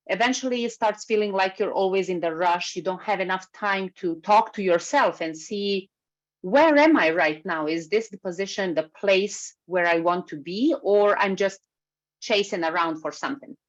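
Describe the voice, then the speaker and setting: A woman giving a workshop talk over a video call, speaking in a lively way and moving as she talks. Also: mid-range voice, normal speed. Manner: lively, moves while speaking. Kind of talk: webinar talk. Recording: slightly muffled video call recording.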